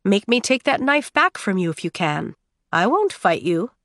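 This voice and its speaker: A cold, commanding queen speaks in low, measured menace. A woman puts her on while reading an audiobook. The sound is dry and close, with no room around it. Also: big pitch swings, a bit bright, dry recording.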